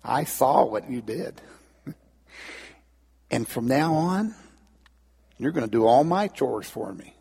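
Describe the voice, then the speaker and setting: A man's voice: medium pitch, lively intonation, slow pace, creaky, pauses often, warm tone, slightly rough, full character voice. A man voicing a sly, bossy little girl who taunts and wheedles, in a long church reverb. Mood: taunting.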